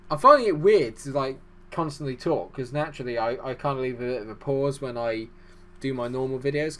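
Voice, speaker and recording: A man giving fast, excitable live commentary over a football management game, chatty and self-deprecating. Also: mid-range voice. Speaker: gaming YouTuber.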